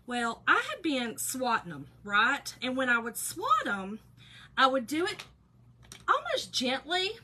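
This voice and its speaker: A woman's voice: sits high, very animated, a little slow, bright, forceful tone, poor audio. A woman, hosting a casual craft livestream, telling a story and greeting viewers by name. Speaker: livestream host. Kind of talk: casual livestream chat while painting.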